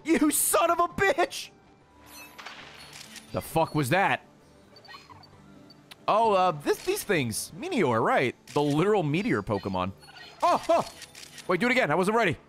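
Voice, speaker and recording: A man doing casual game commentary, fast to get excited and quick to curse. His voice sits a little high and leaps around constantly, with faint game music underneath. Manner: excitable, swears freely, yells at game creatures. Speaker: gaming streamer. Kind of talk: casual let's-play commentary.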